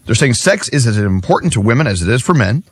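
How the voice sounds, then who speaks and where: A man's voice: mid-range voice, fast talker, husky. A man hosting a morning radio show, joking with co-hosts and reading segments. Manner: lively, joking, reads ads.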